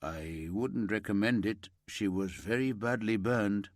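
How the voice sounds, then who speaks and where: Man reading a weary inspector: low, careful, gentle, slow audiobook read. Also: no room sound, studio quality, lightly acted.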